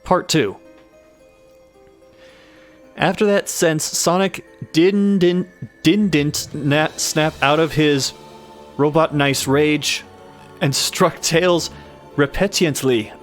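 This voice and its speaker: A man's voice: fairly high pitch, takes it slowly, long pauses, soft background music. A young man hosting a comedic live reading of a bad horror story, stumbling over misspellings and cracking up.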